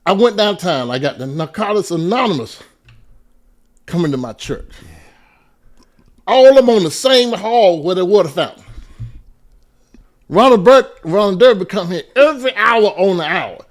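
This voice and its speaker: Lively, laughing pastor. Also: male voice, high-pitched, moderate pace, long pauses. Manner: laughs often, builds to loud bursts. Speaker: pastor and podcast guest. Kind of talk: animated storytelling in casual conversation.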